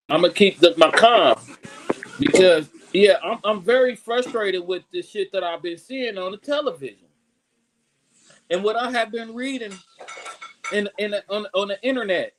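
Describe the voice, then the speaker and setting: Frustrated Bay man ranting slowly. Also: a little hiss or hum, poor audio. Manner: frustrated ranting, swings loud and high. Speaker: show co-host. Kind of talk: casual sports rant.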